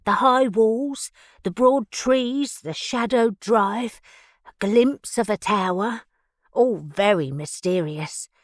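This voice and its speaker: A woman's voice: fairly high pitch, slow pace, no echo, clean studio sound, voice pushed up. Woman doing a bold, teasing young actress. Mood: animated. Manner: lively, teasing, confiding.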